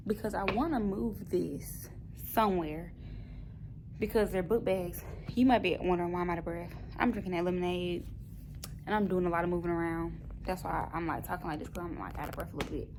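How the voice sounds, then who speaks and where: A woman's voice: medium pitch, creaky, a little hiss or hum. A young woman, a first grade teacher, chatting casually and thinking aloud as she tidies her classroom for a vlog. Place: classroom, indoors.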